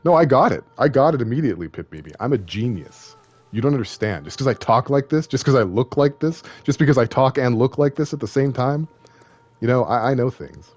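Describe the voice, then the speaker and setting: A man's voice: medium pitch, lively intonation, a little fast. A young man streaming a game, chatting casually, joking and rambling, often poking fun at himself. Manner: joking, rambling, self-deprecating. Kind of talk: casual live-stream commentary.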